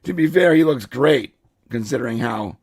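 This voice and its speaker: A congested man hosts a loose podcast chat in a rough, gravelly voice with a husky edge. He rambles and jokes, filling gaps with ums and clearing his throat. The sound is dry and close. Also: mid-range voice, lively intonation, moderate pace, a little mellow, no echo. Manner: rambling, joking, frequent fillers and throat clearing. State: congested, hoarse voice. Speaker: co-host.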